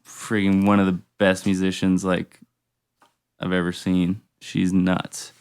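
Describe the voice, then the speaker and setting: Young man with a smooth, lowish voice. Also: measured pace. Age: young adult. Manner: relaxed, enthusiastic about music, frequent "like". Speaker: band member guest. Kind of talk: casual interview chat.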